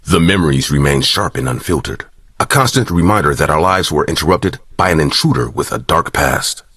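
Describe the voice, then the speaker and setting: A man reading a scripted story in an even, matter-of-fact way. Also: extremely low pitch, a little fast, slightly rough, no room sound, studio quality. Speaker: story narrator. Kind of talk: scripted narration.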